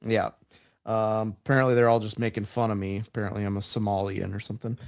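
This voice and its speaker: A man's voice: on the low side, level tone, fast talker, gravelly, no echo. A young man co-hosting a casual podcast chat, joking and laughing as he talks. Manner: joking, laughs into his lines. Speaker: podcast co-host.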